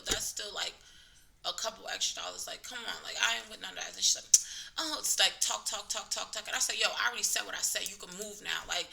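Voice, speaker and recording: A woman's voice: medium pitch, vocal fry, pushed and bright, a little hiss or hum. A woman vlogger casually retelling a story to camera with lots of fillers, acting out the other people's lines.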